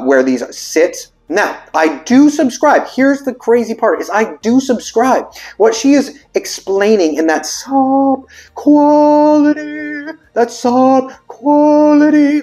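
A man's voice: high voice, a little mellow. A man, a vocal coach, reading terms aloud and reacting with puzzled asides, now and then singing vowels to show them. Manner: breaks into sung vowel demonstrations. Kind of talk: casual explainer video.

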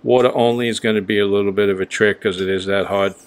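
Man, lowish voice, blunt, rambling, swears a lot, casual vlog talk. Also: fairly even intonation, fast, clean tone. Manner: blunt, ranting, swears freely; loose and rambling with many fillers. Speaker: vlogger honing straight razors.

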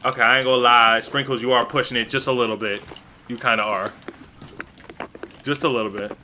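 A man hosting a casual game stream with his viewers, organizing teams and reacting out loud. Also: medium pitch, steady tone, a little fast, a little hiss or hum. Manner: organizes teams, calls out counts, exclaims in disbelief. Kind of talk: casual live-stream chat while gaming.

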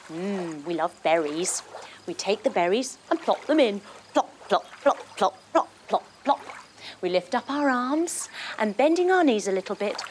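A woman's voice: medium pitch, noisy background. A young woman leading a children's yoga story, playful and singsong, full of sound effects and movement cues. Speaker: kids yoga instructor. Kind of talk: guided kids yoga story.

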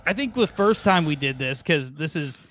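A man's voice: on the high side, lively intonation, moderate pace, fairly bright tone, dry recording. A man chatting casually over a video game, rambling, chuckling and calling his friend "dude". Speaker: let's play co-host. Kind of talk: casual gaming chat.

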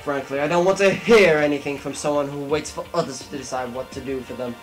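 A man's voice: on the high side, fairly even intonation, fast, soft background music. A young man doing a drunken comic dub of game dialogue, mock-dramatic and sweary. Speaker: player voicing game dialogue.

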